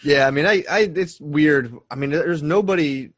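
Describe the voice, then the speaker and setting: A man co-hosting a comedy podcast, riffing quick, profane banter with his partner. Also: fairly high pitch. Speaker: podcast co-host. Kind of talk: casual comedic chat.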